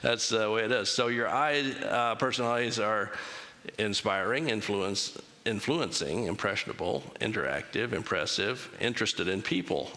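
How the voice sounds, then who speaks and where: A man's voice: on the low side, normal speed, bright, forceful tone. A man giving an interactive church talk, casual and joking, asking the congregation to raise hands. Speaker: church speaker. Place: chapel. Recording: long chapel reverb.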